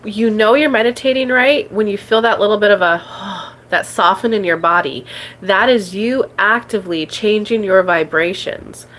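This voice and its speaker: A woman's voice: mid-range voice, moderate pace, a bit bright. A woman hosting a spiritual coaching live stream, chatting casually and filling her talk with "like" and "um". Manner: chatty, peppered with "like" and "um", reads viewer comments aloud.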